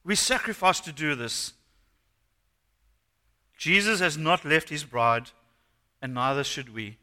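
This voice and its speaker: A male pastor preaching a sermon, animated and asking the congregation questions. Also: fairly high pitch, slow pace. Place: church hall. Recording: long hall reverb.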